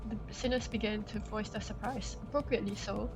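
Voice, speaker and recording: Gravelly-voiced woman streamer reading a game. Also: mid-range voice, fairly even intonation, a little fast, poor audio. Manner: reads narration and scolds characters out loud. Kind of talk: game playthrough with read-aloud narration. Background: game music.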